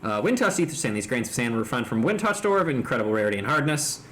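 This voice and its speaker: Lively, cussing streamer guy. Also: medium pitch, slight background noise. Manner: swearing, joking, quick asides. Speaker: streamer host. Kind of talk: casual stream chat.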